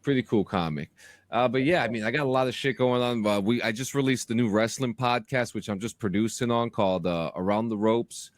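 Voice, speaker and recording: A man hosting a casual podcast chat, talking with lively restarts and stammers as he pitches roles in his audio drama. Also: a little fast, no room sound, studio quality.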